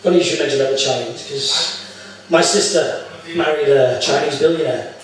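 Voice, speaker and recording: A man's voice: a little high, brisk. A British man doing a live stand-up comedy set, crude and full of swearing, often restarting his sentences. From Britain. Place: comedy club. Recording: echoey room from far off.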